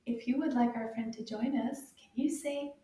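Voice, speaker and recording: A woman teaching a beginners' French lesson to children, slow and sing-song with carefully exaggerated enunciation. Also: fairly high pitch, warm tone, heavy reverb, recorded from a distance.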